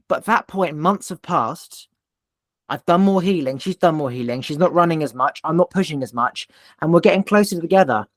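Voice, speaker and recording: A man's voice: on the high side, expressive, brisk, dry recording, clean studio sound. A man hosting a podcast, telling a personal story in an intense, emphatic way and swearing now and then. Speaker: podcast host. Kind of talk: casual conversation.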